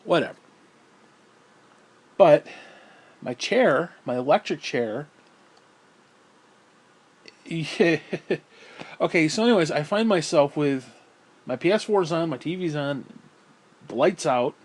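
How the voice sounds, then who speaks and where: A man's voice: fairly high pitch, lively intonation, slow, pauses often. A man telling a rambling story at home in a casual vlog, swearing freely and sighing often. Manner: profane, rambling, frequent sighs. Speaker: vlogger. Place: at home, indoors.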